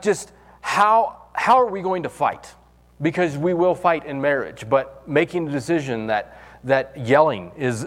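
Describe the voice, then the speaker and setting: A male pastor preaches in a loose, conversational way, often restarting his sentences and leaning on fillers. His voice sits at an ordinary middle pitch. A long reverb hangs behind him, as in a church hall. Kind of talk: sermon.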